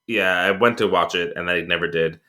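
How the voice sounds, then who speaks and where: A man's voice: low-pitched, brisk, pushed and bright. A man co-hosting a podcast in casual chat, rambling with many fillers and restarts and laughing as he retells film scenes. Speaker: podcast co-host.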